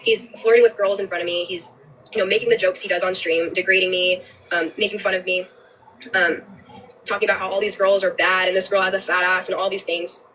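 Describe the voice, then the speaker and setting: A young woman giving a personal account on a livestream, earnest, with frequent halting restarts. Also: fairly low pitch, flat delivery, fairly bright tone, recorded from a distance, a little hiss or hum, low-quality recording. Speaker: livestreamer telling her story.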